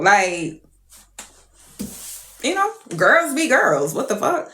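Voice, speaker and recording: A woman telling a story to viewers on a live stream, animated and profane. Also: a little high, takes it slowly, long pauses, reverberant.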